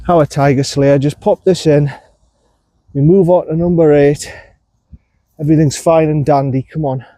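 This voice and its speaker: Male golf vlogger, high mellow voice, casual self-talk on the course. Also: fairly even intonation, normal speed, no echo. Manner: talks to himself and the viewer between shots, self-coaching.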